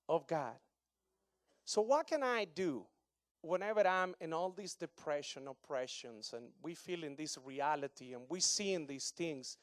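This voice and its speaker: A man in his thirties from Argentina, preaching a sermon with an Argentine Spanish accent in broken English, animated and joking with the congregation. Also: sits high, no echo, clean studio sound. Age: 30s. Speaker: pastor.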